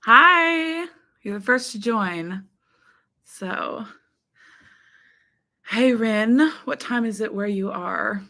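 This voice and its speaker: A woman's voice: medium pitch, slow, pauses often. A woman from the United States hosting a casual live stream, chatting loosely with viewers and greeting them by name, with frequent ums. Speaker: livestream host. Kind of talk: casual live chat reading comments.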